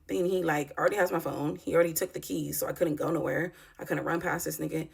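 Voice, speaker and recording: A woman's voice: deep voice, steady tone, quick pace, creaky, hardly any pauses, slightly rough. A woman in her thirties telling a personal story in a vlog, talking in a raw, profane, emotional way with lots of fillers. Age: 30s. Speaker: vlogger.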